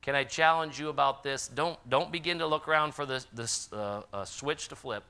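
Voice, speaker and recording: A man preaching a sermon in a church, swinging from loud impassioned calls to quiet, earnest appeals. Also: mid-range voice, moderate pace, clean tone. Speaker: pastor. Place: church sanctuary.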